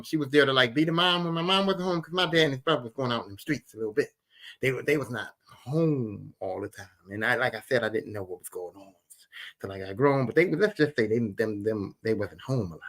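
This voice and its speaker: Bright-voiced man telling stories. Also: a little high. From Philadelphia. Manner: animated, repetitive, emphatic retelling. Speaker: podcast host. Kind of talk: casual storytelling.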